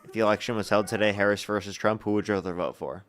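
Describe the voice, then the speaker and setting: A young man hosting a live political call-in debate, combative and incredulous with quick retorts. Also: on the low side, fairly even intonation, fairly bright tone, smooth. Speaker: livestream debate host.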